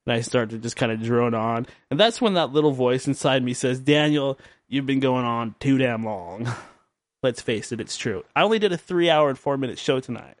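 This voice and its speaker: This man runs his own late-night podcast, wandering through a monologue full of self-deprecating jokes while sounding weary and drowsy. His mid-range voice is animated and a little fast, recorded without echo.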